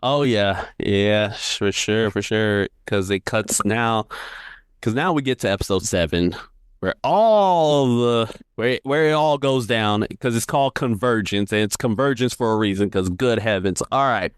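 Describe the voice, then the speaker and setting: A man's voice: on the low side, measured pace, smooth, dry recording, clean studio sound. A man co-hosting a podcast, recapping a TV episode in a loose, rambling way, full of "like" and "uh". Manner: relaxed, rambling, lots of fillers. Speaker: podcast co-host. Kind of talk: casual recap chat.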